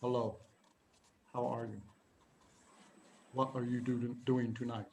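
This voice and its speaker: A male teacher imitating a young woman's slow, soft way of talking, in a low, hushed voice. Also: flat delivery, creaky, slight background noise. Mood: shy. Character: young woman speaking slowly and softly.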